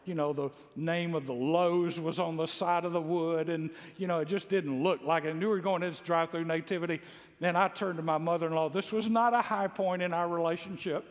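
A pastor from Mississippi preaches in a high voice, spinning folksy, funny stories that swell into loud exclaims. His words ring out with a long reverb, as in a large church sanctuary. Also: fairly even intonation, fairly quick. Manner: folksy storytelling with humor, builds to loud exclaims. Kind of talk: sermon. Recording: long echo of a large hall.

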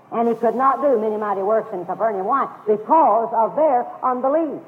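A man with a high voice delivers an emphatic sermon, driving his points home by repeating key phrases. His voice has a long reverb tail, as if he is in a big sanctuary. The sound is thin and narrow, like an old phone-line radio broadcast. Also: animated, fairly quick, hardly any pauses. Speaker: preacher.

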